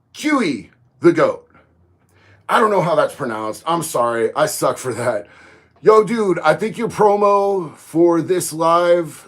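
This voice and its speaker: A man, chatting casually on a livestream, reading viewer comments and getting loud and emphatic on his opinions. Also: high voice. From Florida. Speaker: livestream host.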